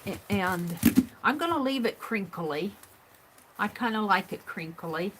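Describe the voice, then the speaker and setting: Slow, musing woman crafting on stream. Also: mid-range voice, expressive, very noisy. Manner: unhurried, thinking aloud, trailing off and soft under her breath. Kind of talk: live craft stream, talking while working.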